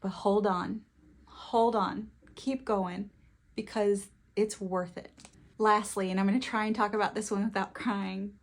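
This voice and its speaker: Woman book vlogger, mid-pitch, effusive, quick bursts, tearful at times. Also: level tone. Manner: gushing, emotional, quick bursts. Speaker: book reviewer. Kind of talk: casual book talk to camera.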